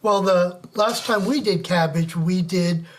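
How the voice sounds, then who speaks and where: A man co-hosting a live cooking show, calmly prompting viewers to comment in chat. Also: high voice, a little slow, slight background noise. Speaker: co-host.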